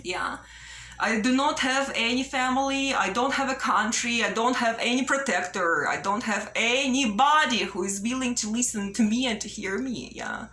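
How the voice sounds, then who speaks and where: A woman pleads slowly and earnestly to her viewers, repeating her points and checking in with "yeah?". Her voice sits a little high and sounds bright and sharp. The room around her is echoey. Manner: slow, repetitive, pleading, ends phrases with "yeah?". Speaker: vlogger. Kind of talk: earnest direct-to-camera appeal. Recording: roomy echo.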